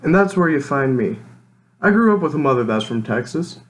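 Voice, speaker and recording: A young man from Nebraska with a Midwestern accent tinged with Minnesotan, reading a relaxed, plainspoken scripted narration for a college class. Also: on the high side, fairly quick, rough recording. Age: young adult. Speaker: college student.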